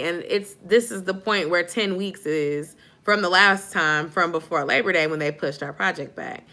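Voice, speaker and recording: A woman's voice: fairly low pitch, bright, forceful tone. A young woman chatting casually with viewers on a late live stream, sleepy and informal, calling them y'all. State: sleepy, yawning. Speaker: YouTube vlogger on a live stream.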